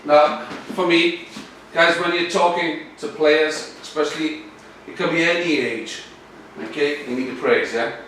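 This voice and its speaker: Male coach giving an animated workshop talk, distant mic, echoey room with faint noise. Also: fairly high pitch, measured pace. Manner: lively, animated, addresses audience directly.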